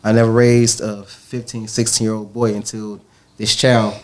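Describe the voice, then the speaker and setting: A man hosting a podcast, telling earnest, animated stories about raising his kids in casual chat. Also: on the low side, moderate pace. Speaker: podcast host.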